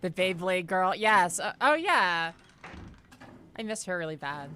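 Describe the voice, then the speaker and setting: A woman's voice: lowish voice, expressive, a little slow, fairly bright tone, a little hiss or hum. A young woman streaming a horror game, rambling and joking casually with her chat between moments of play. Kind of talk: casual gameplay commentary.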